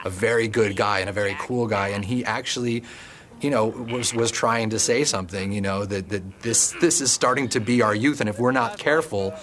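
A man's voice: lowish voice, brisk, a bit bright. A man in a documentary interview talking in an enthusiastic, rambling way. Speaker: animation co-creator interviewee. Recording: interview over music bed.

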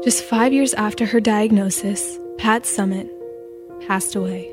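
A woman's voice: medium pitch, fairly even intonation, unhurried. Woman narrating over music. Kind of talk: scripted narration. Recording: clear music bed behind voice.

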